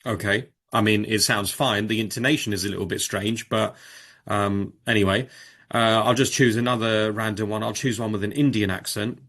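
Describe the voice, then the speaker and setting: A man casually presenting on a video call, demonstrating software and thinking aloud, with frequent fillers and restarts. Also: on the low side, steady tone, moderate pace. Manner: informal, with many fillers and restarts. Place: home or office on a video call. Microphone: video call microphone.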